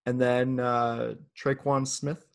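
A man's voice: mid-range voice, little pitch movement, takes it slowly, vocal fry. A man hosting a casual fantasy football chat, running down the player list and teasing his co-host in a playful way. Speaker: podcast host.

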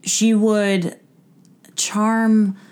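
A woman telling a story in casual conversation, rambling and loose. She leans on fillers and restarts, and keeps the talk relaxed and chatty. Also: medium pitch, extremely slow. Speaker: podcast host telling a true-crime story. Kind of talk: casual chat.

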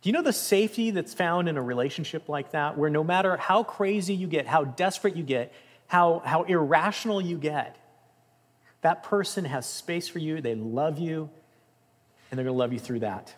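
A man preaching a sermon in an earnest, emphatic way, rising in intensity and dropping softly. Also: fairly high pitch, moderate pace. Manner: earnest, emphatic, with swells of intensity and soft drops. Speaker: pastor. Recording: long reverb of a large room.

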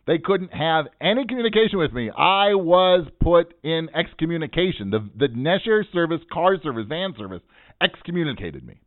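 Animated joking man, tinny phone-like sound. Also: on the high side, normal speed, dry recording. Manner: animated, joking, self-mocking storyteller. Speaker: financial advisor and podcast host. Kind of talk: casual storytelling monologue.

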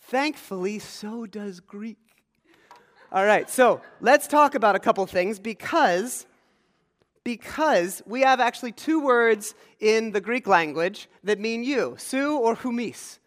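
Pastor, male, from rural Pennsylvania, high-ish voice, chatty sermon, long church reverb. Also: lively intonation, unhurried, fairly bright tone. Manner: conversational, engages congregation with questions. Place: church sanctuary.

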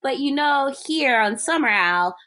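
A woman voicing a serene islander teacher who talks about death in a soft, airy, matter-of-fact way. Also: high voice, animated, normal speed, voice pushed up.

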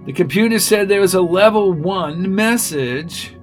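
A man reading aloud as a gruff, irritable male inspector who blusters and complains. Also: high voice, animated, a little slow, soft background music, voice pushed up. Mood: irritated. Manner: blustering, exasperated.

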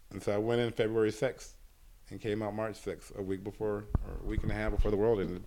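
A man, a stand-up comedian telling a long story in a casual interview, swearing often and filling pauses with "uh.". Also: fairly low pitch, little pitch movement, a little mellow. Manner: profane, rambling storyteller with many fillers.

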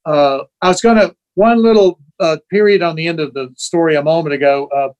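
Man in his sixties telling animated stories. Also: on the high side, brisk, dull audio. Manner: animated anecdotes, acts out quoted voices; emotional, sentimental. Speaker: guest musician. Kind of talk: casual storytelling chat.

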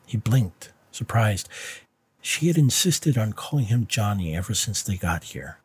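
Husky, low-voiced male narrator. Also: sing-song, measured pace, dry recording. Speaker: audiobook narrator. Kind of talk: scripted narration.

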